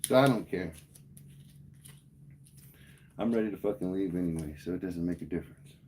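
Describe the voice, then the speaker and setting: Profane, ranting man with a dark voice. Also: deep voice, normal speed, slight background noise. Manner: profane, heated storytelling. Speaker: livestreamer. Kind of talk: casual rant to live chat.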